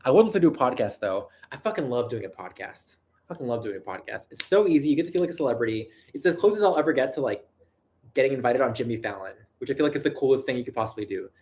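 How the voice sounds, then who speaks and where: A man with a nasal, medium-pitched voice talks very fast and animatedly, with a slightly mellow tone, while hosting a casual livestream. His answers to viewer questions ramble and are self-deprecating, broken up by frequent restarts and laughs.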